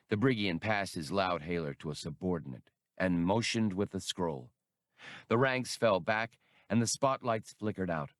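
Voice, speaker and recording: A man narrating an audiobook in a measured storytelling manner. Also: deep voice, no echo, clean studio sound. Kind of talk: scripted narration.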